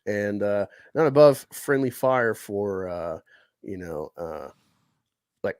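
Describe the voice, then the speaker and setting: A man with a lowish voice chats loosely on a live stream, full of "like" and "you know" as he wanders between thoughts. The sound is dry and close, with no room around it. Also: very animated, measured pace, no echo. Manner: rambling, lots of fillers and restarts. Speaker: streamer host. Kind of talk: casual chat on a live stream.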